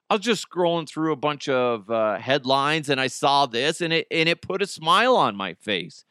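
A man's voice: on the high side, very animated, normal speed, hardly any pauses, sharp tone, no echo, studio quality. A man hosting a podcast on his own, riffing casually with jokes and swearing. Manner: jokey, profane, riffing, reads live ad. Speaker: podcast host. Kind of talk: casual solo podcast talk.

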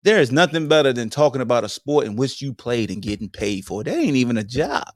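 A man hosting a podcast, delivering a joking commentary monologue in slang, swinging between high exclamations and low mutters. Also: big pitch swings, quick pace, no echo, clean studio sound. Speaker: podcast host. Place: home streaming setup.

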